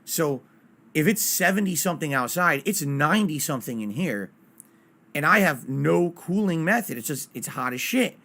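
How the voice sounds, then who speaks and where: A man's voice: on the high side, moderate pace. A man streaming from his small home office, chatting casually and ranting with plenty of swearing. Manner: animated, ranting, swears freely. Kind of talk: casual solo stream chat.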